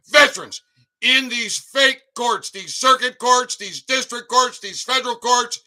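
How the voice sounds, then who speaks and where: A middle-aged man hosting a livestream, ranting with heavy profanity, shouting and sarcastic mocking asides. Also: extremely high pitch, unhurried. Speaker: livestream host.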